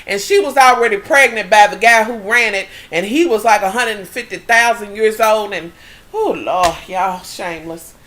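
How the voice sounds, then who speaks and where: A woman vlogger recapping a TV episode in a casual chat, animated and profane, with dramatic exclamations. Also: mid-range voice, moderate pace.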